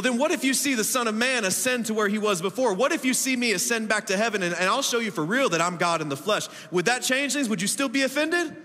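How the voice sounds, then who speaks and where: A man in his thirties preaching a sermon as pastor, emphatic, with laughing asides and big swings between loud and soft. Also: extremely high pitch. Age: 30s. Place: church auditorium. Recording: echoey hall reverb.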